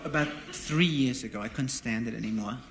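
A man doing a stand-up monologue in front of an audience, telling deadpan, self-deprecating stories. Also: mid-range voice, brisk. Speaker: stand-up comedian. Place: live venue with an audience. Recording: roomy live recording with noise. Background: audience laughter.

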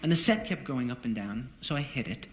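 A man doing a stand-up monologue in front of an audience, telling deadpan, self-deprecating stories. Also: mid-range voice, brisk. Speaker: stand-up comedian. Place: live venue with an audience. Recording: roomy live recording with noise. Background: audience laughter.

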